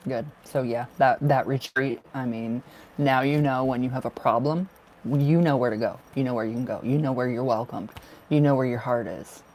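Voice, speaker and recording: A man chats through a live tarot reading, gushing and affectionate, breaking into laughs. His voice sits at a middling pitch with a gravelly fry. A faint hiss runs under the home webcam recording. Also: normal speed. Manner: warm, gushing, laughs often. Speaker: tarot reader. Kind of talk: casual livestream chat.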